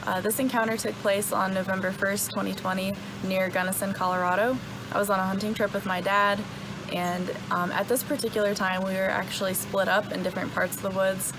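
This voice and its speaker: A young woman speaks at an everyday mid pitch, with a gravelly, creaky edge to her voice. She retells her story casually and in a relaxed way, with plenty of ums. A clear bed of noise runs behind her. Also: a little fast. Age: young adult. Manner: relaxed, with many ums and uhs. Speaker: hunter telling her story.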